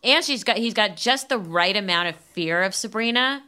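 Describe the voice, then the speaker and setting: A woman's voice: mid-range voice, expressive, moderate pace, pushed and bright, clean tone. A woman co-hosting a casual chat, teasing and playful in the way she talks. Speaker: podcast co-host.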